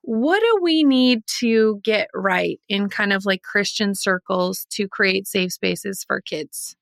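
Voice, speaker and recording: A woman's voice: medium pitch, slow, creaky, no echo, clean studio sound. A woman hosting an interview, reflecting on her own parenting and asking thoughtful questions. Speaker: interview host. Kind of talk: conversational interview.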